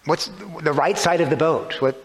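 A man speaks at a moderate pace in a slightly high voice as he preaches, explaining scripture with rhetorical questions and shifting emphasis. Long hall reverb colors the recording.

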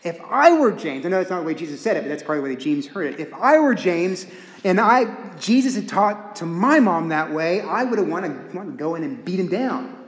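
A man preaching a sermon in an animated, folksy, humorous way, in a church sanctuary. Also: sits high, a little fast. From Texas. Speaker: pastor. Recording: echoey hall.

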